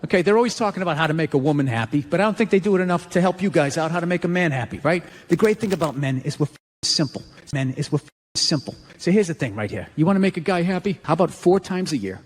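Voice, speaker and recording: A sarcastic American comedian ranting on stage, blunt and profane, with a high voice. There is a faint hiss behind him. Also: male voice, expressive, fast. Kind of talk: stand-up comedy.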